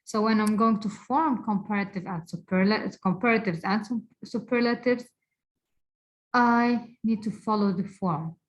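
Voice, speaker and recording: Woman teacher going thru grammar real slow, repeats each word, arabic first language. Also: mid-range voice, rough recording. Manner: slow, deliberate, repeats words for emphasis. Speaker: English teacher. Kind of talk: recorded grammar lesson.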